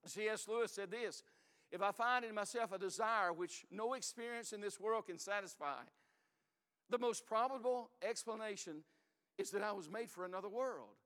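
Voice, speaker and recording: An older man preaching a sermon in a folksy, emphatic way, swinging between loud and hushed. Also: sits high, brisk, big-room sound.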